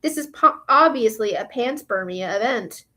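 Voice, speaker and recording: A combative male scientist who snaps back defensively, as a woman reading a novel aloud voices him. The delivery stays a little high and quick-tempered. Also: expressive, pushed and bright. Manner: defensive, snappy.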